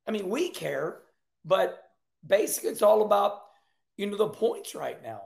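Guy in his 60s doing racing talk on his own show, high gravelly voice, chatty and folksy, repeats stuff. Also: normal speed, echoey room. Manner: animated, folksy, repeats himself, laughs often. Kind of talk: casual commentary.

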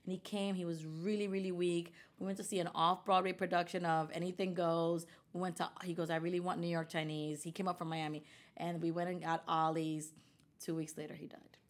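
A woman's voice: fairly low pitch, brisk. A woman telling a personal story in casual conversation, animatedly quoting the people involved. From United States. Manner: animated, quotes people in her stories. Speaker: guest.

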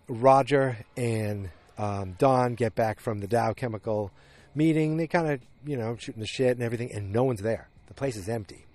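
A podcast host recaps a TV episode in a casual monologue, his medium-pitched voice a little mellow. He meanders through the story with plenty of restarts and fillers.

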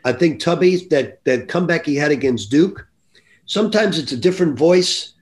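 A man's voice: on the high side, expressive, moderate pace. An older man, a basketball coach, talking earnestly and reflectively as a guest on a podcast. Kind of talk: podcast interview.

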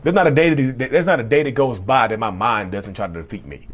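A man in his thirties with a baritone voice, hosting a podcast in a casual, rambling monologue that often restarts and calls listeners y'all. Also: brisk, few pauses. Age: 30s. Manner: rambling, repeats himself, addresses listeners as y'all. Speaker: podcast host.

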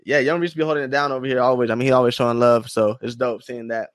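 A man's voice: medium pitch, fairly even intonation, fast. A man hosting a casual interview chat, laid-back and slangy, chuckling along with his guest. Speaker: podcast host.

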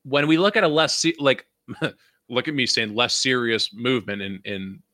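A man's voice: mid-range voice, lively intonation, moderate pace, pushed and bright, no room sound, clean studio sound. A young man from Vancouver hosting a podcast, ranting in a casual, profane, rambling way and laughing often. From Vancouver, Canada. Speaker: podcast host.

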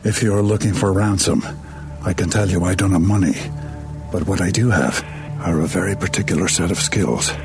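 An actor playing a middle-aged father who calmly threatens his daughter's kidnappers in a film clip. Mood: cold menace. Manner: slow, low, menacing calm. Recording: film clip with loud music underneath.

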